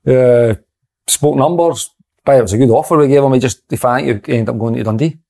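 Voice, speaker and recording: A man's voice: mid-range voice, fairly quick, creaky, mellow. A man on a football podcast, rambling and repeating himself as he tells a story. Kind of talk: casual football chat.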